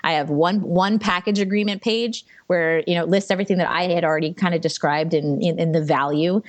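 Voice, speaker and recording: A chatty woman photographer talks through her work in an easy, unscripted way, leaning on "you know" and quick restarts. Her voice sits a little low, and the sound is close and dry with no room around it. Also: steady tone, no echo. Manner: chatty, frequent fillers and restarts, laughs easily. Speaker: wedding and portrait photographer, guest. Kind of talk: casual interview answers.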